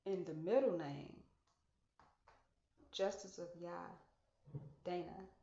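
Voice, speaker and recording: A woman's voice: lowish voice, takes it slowly, gravelly, dark tone. Woman, podcast host, casual monologue, musing, dull lo-fi sound, echoey room. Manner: musing, repeats phrases for emphasis.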